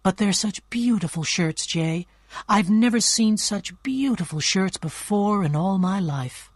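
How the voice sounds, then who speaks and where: A man's voice: on the high side, a little slow, dry recording. A man voicing an emotional young woman who gushes and sounds breathless. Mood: tearful.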